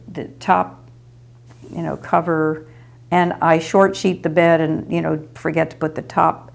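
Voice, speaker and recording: Brief: older woman storyteller, low gravelly voice, rambling anecdotes. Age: 60s or older. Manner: rambling and anecdotal with small laughs. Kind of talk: reminiscing oral history.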